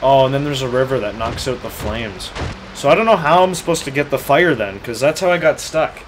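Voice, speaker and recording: A man playing a video game with casual let's play commentary, excitable and swearing constantly with loud outbursts. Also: medium pitch, brisk, noisy background. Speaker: gamer playing through a game.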